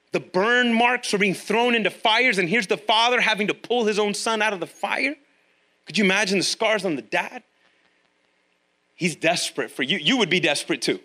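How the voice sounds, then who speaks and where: A man preaching a sermon, animated, acting out quoted voices and asking the audience questions. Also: high voice. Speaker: pastor. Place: church room with online viewers.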